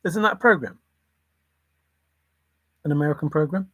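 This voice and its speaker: A man's voice: on the high side, normal speed, long pauses, fairly bright tone, breathy edge, no echo. A man, musing aloud on his own in a playful, rambling way, jumping between silly word associations.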